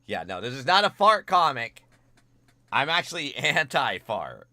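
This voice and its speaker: A young man streaming from home, chatting casually with viewers while drawing, swinging between quiet mumbles and loud excited greetings. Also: mid-range voice, a little slow, a little hiss or hum.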